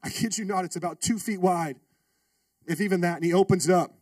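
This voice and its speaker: A man's voice: high voice, a little fast, far from the mic, noisy background. A man preaching a sermon as a pastor, telling a funny story and calling out to the congregation. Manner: animated, humorous, calls out to the congregation.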